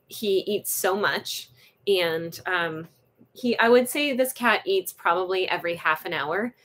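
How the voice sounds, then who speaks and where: A woman's voice: lowish voice, fairly bright tone. A woman hosting a casual live vlog, chatting to viewers with lots of fillers and restarts while she grooms her dogs. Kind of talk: casual live-stream chat.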